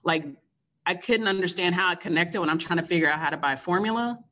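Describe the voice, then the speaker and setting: A woman's voice: fairly low pitch, quick pace, sharp tone. A woman in her fifties from Kentucky, the host's mother, telling her own story frankly and candidly in casual conversation, often laughing.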